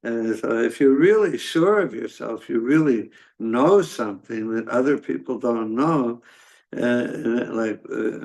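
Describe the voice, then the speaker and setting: A man giving a scripture class in a halting, conversational way, with many fillers and restarts. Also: mid-range voice, a little mellow. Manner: conversational storytelling. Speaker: class speaker.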